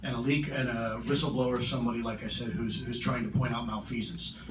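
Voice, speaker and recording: A man answering audience questions at a conference, earnest and measured, often repeating his words. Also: medium pitch, fairly even intonation. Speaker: conference keynote speaker. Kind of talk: public Q&A answers. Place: large conference hall. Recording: roomy hall, distant mic, noisy.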